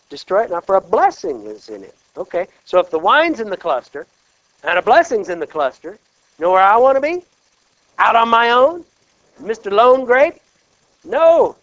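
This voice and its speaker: Animated Kansas preacher, lively pitch. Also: male voice, no room sound, muffled recording. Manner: animated, peppered with rhetorical check-ins. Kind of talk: sermon.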